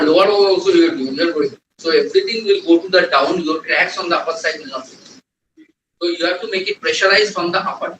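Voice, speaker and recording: A slightly high, fairly bright male voice leads a technical classroom lecture, with some hiss or hum on the recording. The trainer quizzes the room and reiterates key points, picked up by a distant mic in an echoey lecture hall.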